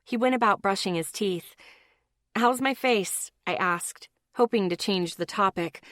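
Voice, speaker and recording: Woman, audiobook narrator, first-person, blunt and tense, mid pitch, dry close sound. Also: normal speed, a bit bright, no echo.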